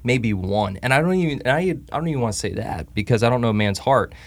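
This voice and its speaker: A man, a minister co-hosting a podcast, talking casually in halting phrases with frequent restarts. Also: mid-range voice, animated, dry recording. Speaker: minister, co-host.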